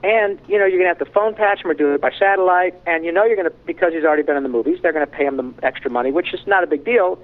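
A man in a casual interview, a voice actor guest who tells animated stories with frank, candid asides. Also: sits high, racing, few pauses. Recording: tinny phone-line sound.

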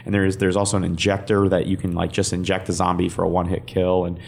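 A man's voice: deep voice, monotone, fast talker, gravelly, darkish tone. A man co-hosting a casual gaming chat, describing gameplay he tried. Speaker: podcast co-host.

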